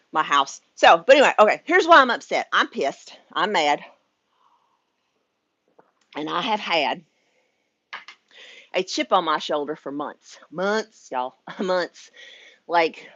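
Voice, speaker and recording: A woman's voice: lowish voice, a bit bright, no echo, lo-fi sound. A middle-aged woman from the United States, a spiritual life coach venting frankly to her viewers at home, chatty, swearing and laughing, sweaty. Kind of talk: casual vlog rant.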